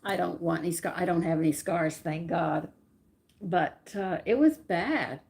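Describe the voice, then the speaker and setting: An older woman telling family stories from her childhood in a rambling, animated way, often stopping to correct herself. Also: fairly low pitch, a little slow, creaky. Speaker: channel host. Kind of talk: personal storytelling.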